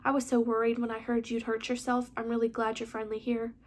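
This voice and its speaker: A woman's voice: a little high, completely flat delivery, fast, a little hiss or hum, close to an everyday voice. A woman reading the lines of a sweet, perky country teenage girl in an audiobook, in a friendly, eager manner. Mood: warm.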